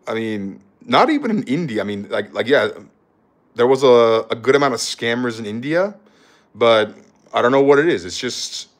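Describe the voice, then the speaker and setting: A young man tells a rambling travel story from a hotel room, loose and casual, full of fillers and acted-out quotes. His voice sits at a plain middle pitch. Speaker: travel vlogger.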